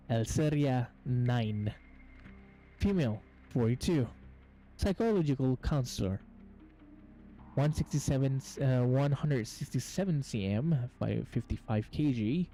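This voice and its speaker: A man's voice: medium pitch, warm tone, low-quality recording. A man hosting gameplay commentary, reading on-screen game text aloud and stumbling over words as he goes. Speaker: gaming channel host.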